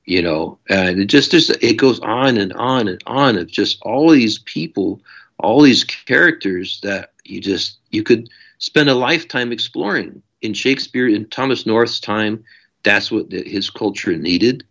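A man's voice: fairly low pitch, lively intonation, unhurried, a bit bright. A man, an author, talking through his ideas in a passionate, discursive way in a casual interview. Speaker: author guest. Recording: dull lo-fi audio.

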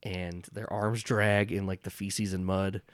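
Brief: rambling game master, lowish voice, dry close mic. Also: male voice, flat delivery, a little slow, dry recording. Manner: loose, rambling, with filler words. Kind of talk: narrating a tabletop game.

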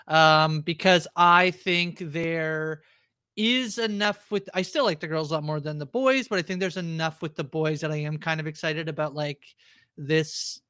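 A man chatting as a podcast co-host, his voice bright and forward, close and dry on the mic. He rambles with lots of fillers and restarts his sentences. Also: on the high side, smooth, dry recording. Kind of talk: casual chat.

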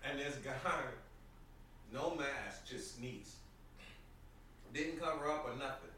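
Animated man in a very echoey room. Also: mid-range voice, slow pace, distant mic. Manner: animated, laughing storyteller, heavy slang. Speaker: podcast co-host. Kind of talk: casual chat. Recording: very echoey room, off-mic, faint noise.

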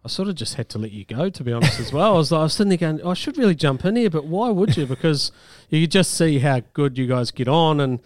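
A man's voice: fairly high pitch, expressive, fast, few pauses, no echo, studio quality. A man with a New Zealand accent co-hosting breakfast radio, chatting casually and laughing often. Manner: chatty, laughs often, warm praise for guests. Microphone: studio mic, dry.

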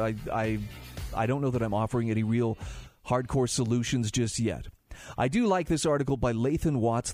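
A man's voice: medium pitch, darkish tone. A man hosting a talk radio show, reading articles aloud and adding his own asides in a conversational way. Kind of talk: talk radio monologue and ad read.

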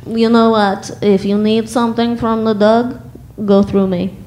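A woman voicing her proud Russian immigrant mother, who speaks with a Russian accent, firm and curt even when polite. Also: fairly high pitch, measured pace, a little hiss or hum, natural voice, rough recording.

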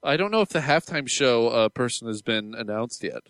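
A young adult man hosting a casual podcast, excitable and quick to laugh. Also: mid-range voice, slight background noise. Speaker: podcast host.

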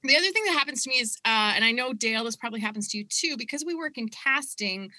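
Bright Canadian woman telling a story. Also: a little high, quick pace. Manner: anecdotal, animated storytelling. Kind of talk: casual chat.

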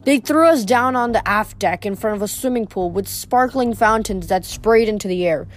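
A woman reading a novel aloud in steady narration, with occasional small slips. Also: medium pitch, normal speed. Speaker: reader.

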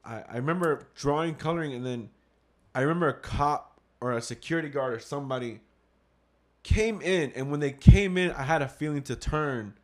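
A man's voice: fairly high pitch, moderate pace, darkish tone. A man, a father, chatting casually as co-host and telling a long story, acting out his own past thoughts and swearing now and then. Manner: rambling, acts out his own past thoughts with lots of "I was like".

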